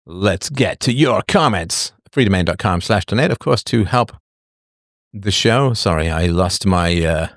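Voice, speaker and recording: A man's voice: sits low, lively intonation, unhurried, no echo, studio quality. A man hosting a show, reading and answering viewer comments in a digressive, sardonic way and laughing often. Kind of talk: casual livestream monologue.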